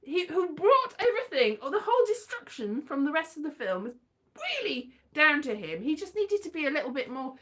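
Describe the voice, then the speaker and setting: A woman's voice: high voice, big pitch swings, fairly quick. A woman hosting a casual livestream, chatting in a playful, rambling way with sing-song bursts. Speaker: livestream host.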